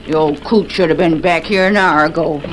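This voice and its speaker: A woman playing a sharp-tongued frontier housewife. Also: low voice, brisk, close to an everyday voice. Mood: impatient. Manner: scolding, name-calling. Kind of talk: 1940s radio acting. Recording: noisy 1940s radio broadcast.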